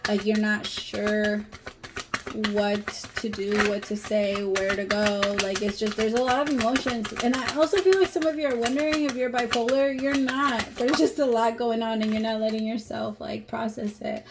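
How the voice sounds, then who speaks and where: Brief: woman tarot reader, slightly high voice, blunt and swearing, hiss behind her. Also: steady tone, normal speed. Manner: blunt, emphatic, swears freely. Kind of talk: casual tarot reading to camera.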